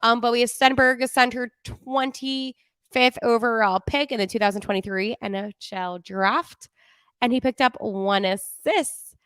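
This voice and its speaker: A woman's voice: on the high side, steady tone, a little slow, fairly bright tone, clean tone, no room sound, studio quality. A young woman with a New Jersey accent, hosting a casual hockey podcast in a chatty, self-deprecating way. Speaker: podcast host. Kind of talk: casual hockey recap on a livestream.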